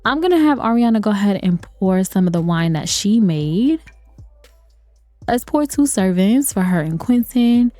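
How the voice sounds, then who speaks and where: A woman's voice: mid-range voice, lively intonation, moderate pace, warm tone, no echo. A woman giving chatty let's-play commentary on a life-sim game, laughing often and talking to her viewers. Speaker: gaming video creator. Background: faint game music.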